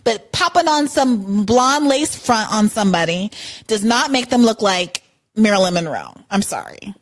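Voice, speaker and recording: A woman's voice: medium pitch, animated, moderate pace. A woman co-hosting a podcast in casual chat, opinionated and emphatic, with many "like"s and apologies. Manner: opinionated, emphatic, lots of "like" and "I'm sorry". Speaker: podcast co-host. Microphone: podcast mic.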